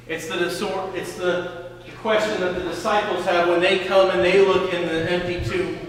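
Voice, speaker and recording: Pastor guy preaching slow, highish voice, echoey church from far off, faint hum. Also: little pitch movement. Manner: slow storytelling retelling of a scripture story, with repeated words. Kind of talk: sermon. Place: church sanctuary. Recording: echoey church hall from a distance.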